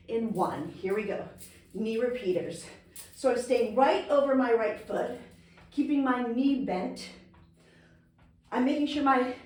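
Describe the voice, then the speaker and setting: A woman with a fairly high voice coaching a cardio and Pilates workout, chatty and encouraging while she moves. She breathes hard between cues. The sound bounces around a very echoey room, and she is a little way off the mic. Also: recorded from a distance. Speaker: Pilates instructor. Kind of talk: workout instruction.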